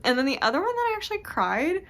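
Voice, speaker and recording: A woman's voice: extremely high pitch, very animated, fast talker, fairly bright tone. Chatty rambling woman vlogger. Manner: chatty, rambling, self-interrupting. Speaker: book vlogger. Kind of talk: casual chat. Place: at home.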